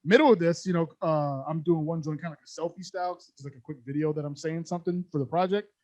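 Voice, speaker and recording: Young male podcast co-host, quick and high-pitched, animated slangy storyteller, dry close sound. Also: no room sound. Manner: animated, slangy, laughs often. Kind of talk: casual storytelling chat.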